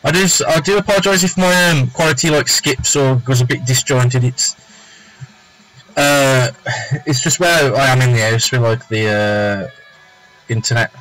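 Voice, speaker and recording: A man with a mid-range, fairly bright voice chats casually on a live stream from home at a moderate pace, thinking aloud while he draws. His rambling talk is full of fillers, self-talk and half-finished thoughts, with faint music in the background and a rough recording quality.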